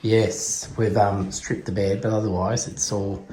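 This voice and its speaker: A chatty Australian man narrating a casual travel vlog outdoors in a country town, excitable and laughing often. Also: lowish voice, a little slow. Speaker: vlogger. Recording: noisy outdoor handheld recording.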